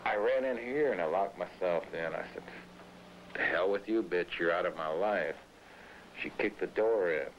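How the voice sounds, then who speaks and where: Man, lowish voice, gruff, slangy, rambling profane story, faint hiss behind. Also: normal speed, muffled recording. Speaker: writer being filmed at home.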